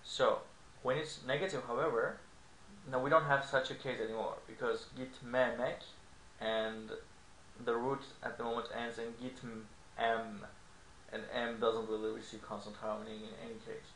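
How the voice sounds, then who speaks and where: Man, language teacher, patient explanations, mid pitch, echoey room. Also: little pitch movement, moderate pace, a bit bright. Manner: explanatory, frequent "okay?" and "you know". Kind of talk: online language lesson. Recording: echoey room with faint noise.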